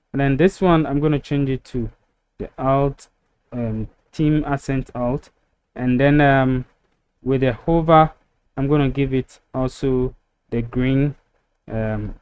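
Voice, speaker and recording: A man walking through a website-building tutorial step by step, relaxed and filler-heavy, recorded on a desktop mic over a screen recording. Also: mid-range voice, highs cut off. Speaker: web design tutor.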